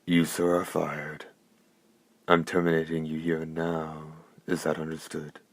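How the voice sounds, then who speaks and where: A man with a very deep voice voicing a haughty, spoiled young noblewoman who talks in an imperious, scornful way. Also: monotone, unhurried, full character voice. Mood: furious.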